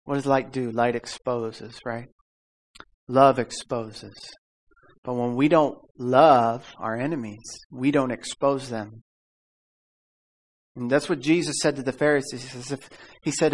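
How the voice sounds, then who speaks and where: A pastor with a medium-pitched, fairly even voice delivers a casual, conversational sermon at a slightly slow pace. He calls out for amens and for the audience to repeat after him, laughing often as he tells stories.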